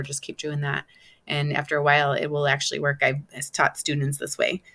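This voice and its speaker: A woman's voice: low voice, little pitch movement, a little fast, bright, forceful tone. A woman teacher giving a recorded online lesson, spelling words out letter by letter and repeating them patiently. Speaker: Spanish teacher.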